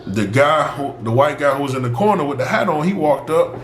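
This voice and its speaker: A man's voice: on the high side, a little fast. A young man, a former football player, casually telling a personal story, acting out the other people's lines and laughing often. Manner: animated, acts out both sides of the dialogue, laughs often. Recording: roomy echo with faint background noise.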